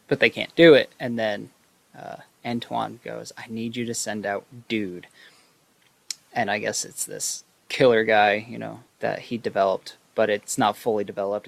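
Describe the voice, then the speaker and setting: Low gravelly man recapping a film. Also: fairly bright tone. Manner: rambling, full of fillers. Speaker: video host. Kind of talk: casual movie recap.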